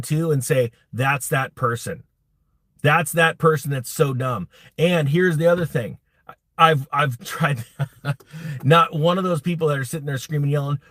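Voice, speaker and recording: A man's voice: a little high, no room sound. A man hosting a live crypto stream, talking bluntly and rambling with many restarts. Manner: blunt, rambling, self-interrupting. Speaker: crypto YouTube host. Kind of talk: live-streamed casual rant.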